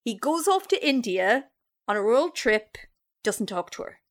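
A woman's voice: fairly high pitch, a little slow. A woman, casually retelling a story on a chat podcast and acting out the quotes. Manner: animated, acts out quoted voices. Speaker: podcast co-host telling the story.

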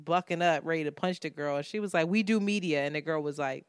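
Laughing, animated young woman storyteller. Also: low-pitched, fast talker, smooth, no room sound, studio quality. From Philadelphia. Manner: animated storyteller, laughs a lot, swears casually. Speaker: podcast co-host. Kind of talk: casual chat between friends.

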